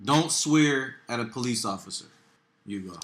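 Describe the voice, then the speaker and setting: A man co-hosting a podcast in casual chat, talking in an emphatic, slangy, animated way. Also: medium pitch, moderate pace, a little hiss or hum. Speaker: podcast co-host. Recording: roomy echo.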